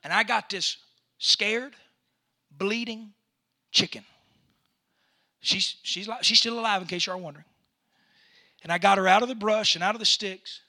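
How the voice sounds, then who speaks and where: A man, a pastor telling a story in a sermon that builds into loud preaching. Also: high voice, steady tone, moderate pace, long pauses.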